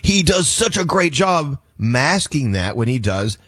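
Husky animated radio host, man. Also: mid-range voice, unhurried, dry recording. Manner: animated, steers the talk, jumps in often. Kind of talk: casual morning radio banter.

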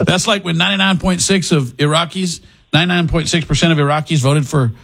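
A man's voice: on the high side, fast talker, gravelly. A man hosting a talk radio show, chatting casually and restarting his sentences often. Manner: lively, chatty, self-correcting with frequent restarts.

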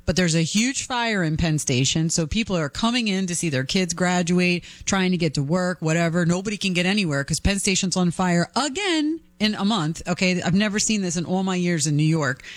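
A woman's voice: on the low side, fairly quick, hardly any pauses, no echo. A woman co-hosting a political talk show, giving frank, indignant commentary. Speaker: co-host.

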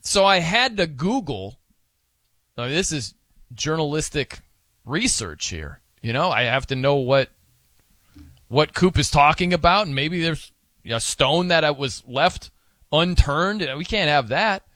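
A man's voice: on the high side, expressive, unhurried, a bit bright, dry recording. A man hosting a sports radio show, chatting casually in a rambling, self-amused way. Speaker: fill-in radio host. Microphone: studio microphone.

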